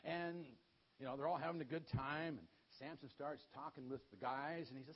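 A man, a pastor, telling a playful, animated Bible story to children. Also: a little high, normal speed, breathy edge, lo-fi sound.

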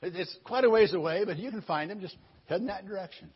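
A man's voice: high voice, quick pace, breathy edge, voice pushed up. A man voicing a helpful stranger in a field who eagerly gives directions. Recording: muffled lo-fi recording.

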